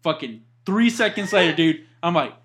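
A young man swearing heavily in casual chat with friends, breaking into loud outbursts. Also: fairly high pitch, animated, normal speed. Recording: room with chatter behind.

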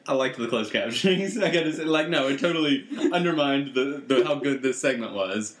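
A man's voice: medium pitch, animated, a little fast, fairly bright tone. Rambling man in an echoey room. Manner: rambling, trails off and restarts often. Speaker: podcast co-host. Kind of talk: casual chat.

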